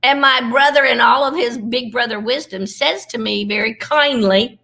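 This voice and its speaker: A middle-aged woman, giving an earnest, folksy devotional talk over a video call, slowing down for emphasis. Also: on the high side, gravelly, pushed and bright. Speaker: Christian comedian speaker.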